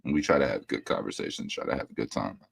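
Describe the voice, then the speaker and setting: A man's voice: rumbling low, fast, gravelly, slightly rough, dry recording. A man hosting a casual livestream, talking bluntly and ranting with plenty of profanity. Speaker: livestream host.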